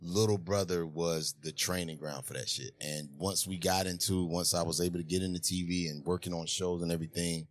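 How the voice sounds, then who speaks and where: A man's voice: deep voice, steady tone, brisk, hardly any pauses. A man guest in a casual interview, telling candid, profane stories about his career. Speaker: rapper and TV writer guest.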